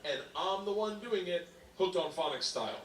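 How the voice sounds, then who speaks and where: A man doing stand-up storytelling, loud and rambling, often laughing at his own story. It is a stand-up clip replayed in an echoey room. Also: sits high, expressive, normal speed, far from the mic, a little hiss or hum. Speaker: stand-up comedian.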